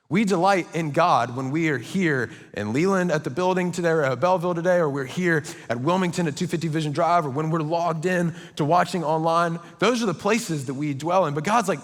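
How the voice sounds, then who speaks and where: A man's voice: on the high side, a little fast. A young man preaching a sermon, telling stories with playful, self-mocking asides. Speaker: pastor. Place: church hall. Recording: long church hall reverb.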